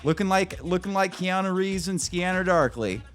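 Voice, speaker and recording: A man's voice: high-pitched, expressive, moderate pace, soft background music. A man hosting a podcast, telling a story in a casual, profane, rambling way with frequent restarts. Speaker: podcast host.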